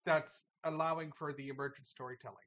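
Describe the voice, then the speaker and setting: A man's voice: fairly high pitch, fairly even intonation, fast, a bit bright. Earnest man on a dull lo-fi line. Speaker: games journalist on a podcast. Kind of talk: casual podcast chat.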